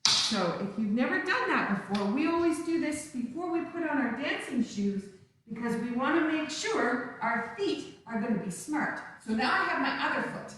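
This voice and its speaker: Bright-voiced woman teaching kids dance. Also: high-pitched, expressive, normal speed, slight background noise. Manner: upbeat, coaxing, speaks to small children. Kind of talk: live-streamed kids' dance lesson. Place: room at home, some distance from the camera. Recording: very echoey room, voice from far off.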